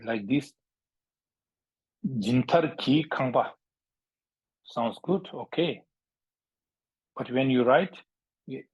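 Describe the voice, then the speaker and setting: Bhutan-born male teacher, husky, mid-pitched, patient drill of sounds, halting delivery. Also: a little mellow, dry recording, dull audio. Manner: halting, repeats words, drills sounds aloud. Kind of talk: language lesson.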